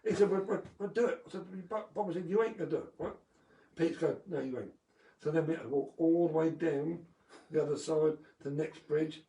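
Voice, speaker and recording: A man who used to be a motocross champion shares chuckle-filled, rambling anecdotes on a live video call, packed with fillers. He sounds a little high, brisk, creaky and warm. A distant mic picks him up in an echoey room, with faint background noise.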